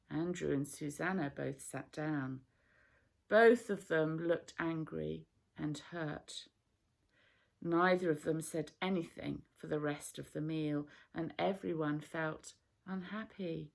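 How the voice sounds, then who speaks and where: A woman reading a children's Bible story aloud, slow and gentle. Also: sits low, fairly even intonation, vocal fry.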